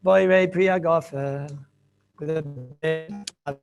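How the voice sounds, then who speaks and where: A man teaching a lively Torah class as a rabbi, playful and theatrical, mixing in Yiddish and Hebrew terms. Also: fairly high pitch, slow pace, creaky, reverberant, muffled recording, faint music behind.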